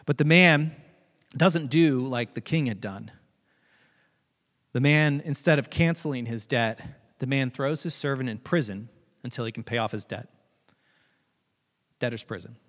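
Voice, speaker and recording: A pastor delivering a conversational sermon, retelling a parable with animated asides. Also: male voice, mid-range voice, a little slow, pauses often, long reverb tail. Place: church sanctuary.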